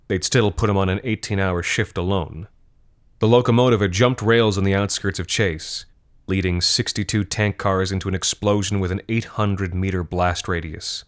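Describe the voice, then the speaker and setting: Male narrator for dark fiction, very low voice, measured and steady delivery. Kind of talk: scripted horror fiction narration.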